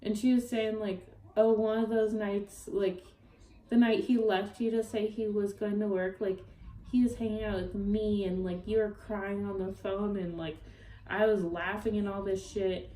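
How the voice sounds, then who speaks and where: A woman's voice: mid-range voice, flat delivery, measured pace, dark tone, roomy sound, poor audio. A young woman vlogging a rambling, upset story about a breakup, full of fillers and swearing. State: upset, near tears. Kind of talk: ranting storytime vlog.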